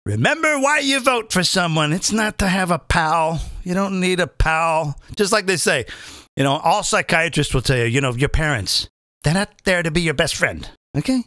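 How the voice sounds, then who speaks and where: Male comedian reading tweets live, mocking and loose; high, lively voice. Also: moderate pace, no echo, clean studio sound. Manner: mocking, animated, lots of fillers and asides. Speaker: comedian and impressionist host.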